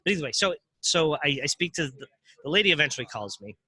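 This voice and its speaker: Very bright-voiced man, halting. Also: fairly high pitch, expressive. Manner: halting, restarts and repeats words. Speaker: crypto ATM business owner. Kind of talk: casual interview talk.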